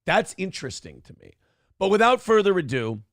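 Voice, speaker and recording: Morning show host, male, profane and self-deprecating, slightly high gravelly voice. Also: sing-song, fairly quick, fairly bright tone, no echo, studio quality. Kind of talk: casual podcast rant and chat. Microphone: headphones and clamp-mounted desk microphone.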